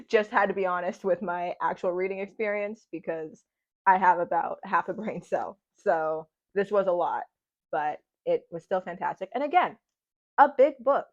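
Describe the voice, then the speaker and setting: A young woman chatting casually to camera about books she has read, self-deprecating and laughing often, with a slightly scratchy throat. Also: medium pitch. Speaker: book vlogger. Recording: dull lo-fi sound.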